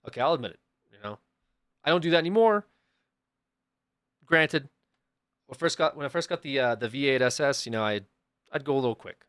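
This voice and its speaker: A young man streaming and telling a story to his chat in an easygoing, middle-pitched voice. The sound is dry and up close. He keeps bursting into animated impressions of the people he quotes. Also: fairly quick, long pauses, smooth, no echo. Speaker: livestreamer.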